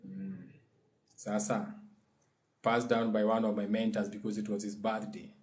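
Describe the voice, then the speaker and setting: A man's voice: lowish voice, flat delivery, darkish tone. Kenyan man teaching in a loose, chatty way. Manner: loose, chatty explaining that drifts between languages and slowly chants phrases. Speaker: spiritual teacher. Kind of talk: casual livestream teaching.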